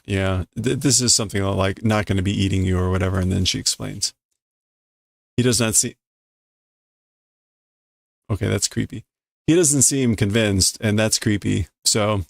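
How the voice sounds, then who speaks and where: A man's voice: on the low side, fairly even intonation, moderate pace, gravelly, long pauses, dry recording. A man casually reading a manga aloud on a live stream, sounding out Japanese lines and translating them with amused chuckles.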